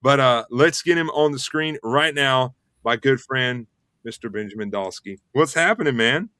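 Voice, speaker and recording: A man who hosts a casual online show and talks fast and eagerly, with plenty of fillers. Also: mid-range voice, clean tone, dry recording, clean studio sound. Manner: rushed, energetic promo talk with fillers. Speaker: host.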